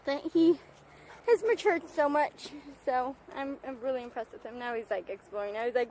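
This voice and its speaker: A woman's voice: sits high, normal speed, a little mellow, slight background noise, rough recording. A young woman vlogging with her service dog at a park, talking casually into a handheld phone, laughing often and calling praise to the dog. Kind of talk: casual vlog narration. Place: outdoors at a park. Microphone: handheld phone camera.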